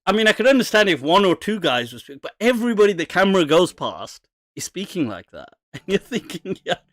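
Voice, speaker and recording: A man hosting a casual live Q&A, animated and mocking, laughing often. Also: high-pitched, a little fast, dry recording, clean studio sound. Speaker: host.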